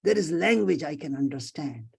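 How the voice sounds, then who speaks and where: An older professor from Pakistan speaks over a video call. His voice sits high and carries a gravelly rasp. He is emotional and rhetorical, circling back over the same words as he thinks aloud. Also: lively intonation, moderate pace. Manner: emotional, rhetorical, repeats himself. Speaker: economics professor, guest speaker. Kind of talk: impassioned webinar talk.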